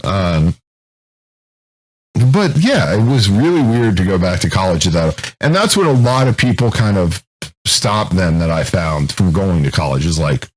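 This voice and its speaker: A man in his thirties co-hosting a casual podcast chat, telling stories in a profane, animated way. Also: sits low, unhurried, husky, poor audio. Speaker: co-host.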